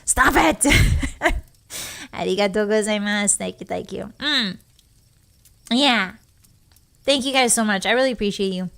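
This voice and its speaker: A woman's voice: mid-range voice, unhurried, vocal fry, long pauses, fairly bright tone. A young woman streaming in a casual, playful chat, giggling often as she thanks her viewers and fights back tears. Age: young adult. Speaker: virtual streamer.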